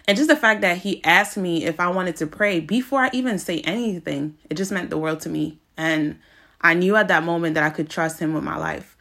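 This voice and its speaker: A woman's voice: lowish voice, normal speed, fairly bright tone. A young woman hosting a podcast, chatting casually and emotionally, with lots of fillers. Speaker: podcast host sharing her experience. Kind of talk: casual chat.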